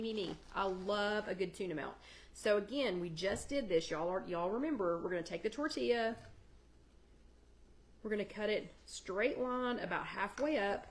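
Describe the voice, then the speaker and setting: A woman chats her way through a cooking demo on a livestream. Her voice sits in a middle register, and she answers viewers' comments as she goes. It sounds like a home kitchen. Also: medium pitch. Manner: chatty, talks to viewers in the live chat by name. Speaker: host of a live weight-loss chat.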